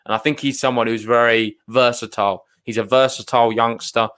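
A man's voice: mid-range voice, fairly even intonation, fairly quick, fairly bright tone, clean tone. A man co-hosting a podcast, talking earnestly in casual chat, hedging and repeating himself. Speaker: podcast co-host.

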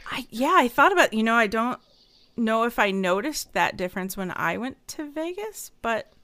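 A woman's voice: fairly high pitch, animated, moderate pace, sharp tone, no room sound. Chatty laughing woman host. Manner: chatty, laughs easily, thinks aloud. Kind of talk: casual chat.

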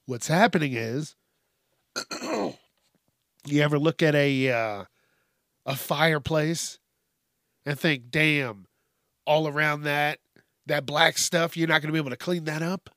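A man's voice: on the high side, slow, pauses often, fairly bright tone, no room sound, clean studio sound. A man hosting a solo podcast, rambling and swearing, sometimes calling himself by name in the third person. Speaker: podcast host.

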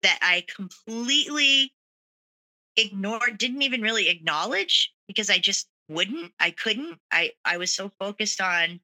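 A woman's voice: medium pitch, expressive, a little slow, sharp tone, low-quality recording. A woman earnestly telling her own story as a guest, with lots of "you know" and "like" fillers. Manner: earnest, many fillers like 'you know' and 'like'. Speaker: guest sharing a personal story. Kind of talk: candid personal storytelling.

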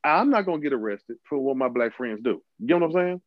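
Animated man pressing his point. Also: mid-range voice, fast talker, dry recording, narrow, tinny audio. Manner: emphatic, argues his point with repetition. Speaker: podcast co-host. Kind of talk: casual chat.

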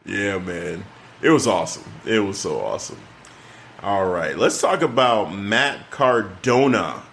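A man co-hosting a casual chat, talking with excited, rambling enthusiasm and frequent restarts. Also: fairly low pitch, slight background noise. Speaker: podcast co-host.

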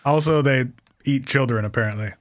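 A man's voice: mid-range voice, brisk, no echo, studio quality. A man hosting a podcast in casual comedic chat, teasing his co-host with a wry, profane humor. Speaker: podcast host presenting cryptids.

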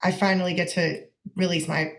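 Animated young woman, casual and profane. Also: on the low side, a little fast. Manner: animated, swears freely, lots of "like". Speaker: songwriter guest. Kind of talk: casual interview chat.

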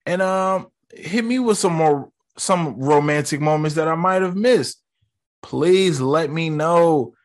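A movie vlogger with a slightly high voice takes his time ranking favorite film moments. He chats to viewers directly, loose and slangy, with plenty of swearing.

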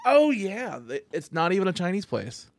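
A man's voice: high-pitched, big pitch swings, moderate pace, no room sound. Easygoing man hosting a comedy podcast. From Oklahoma. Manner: easygoing, rambling, laughs often. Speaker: podcast host. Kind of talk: casual comedy podcast chat.

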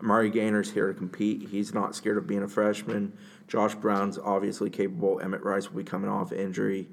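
A man with a low, gravelly voice chats about college football on a podcast. He lays out his analysis in a measured, matter-of-fact way. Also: little pitch movement. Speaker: co-host, sports reporter. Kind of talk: casual sports podcast chat.

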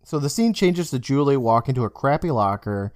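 Brisk and mid-range, the young co-host's voice carries an animated TV episode recap on the podcast, with the characters' lines acted out amid casual chat. Studio quality with no echo.

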